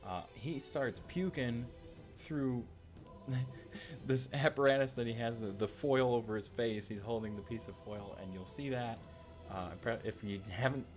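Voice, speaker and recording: A man's voice: medium pitch, unhurried, faint music behind. A man telling a rambling story in a casual vlog, full of fillers and asides. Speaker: channel host telling a story.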